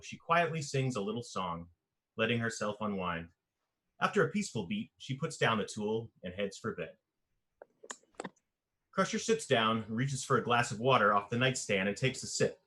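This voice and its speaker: A man reads the stage directions of a screenplay aloud for an audio drama. His tone is bright and forward. He keeps an even, descriptive pace. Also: medium pitch. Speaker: narrator.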